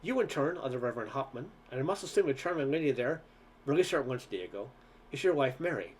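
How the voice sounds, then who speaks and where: A man's voice: mid-range voice, lively intonation, fast talker, slight background noise, close to an everyday voice. A man reading a story aloud, voicing an arrogant male dictator who speaks with sardonic, mannered courtesy.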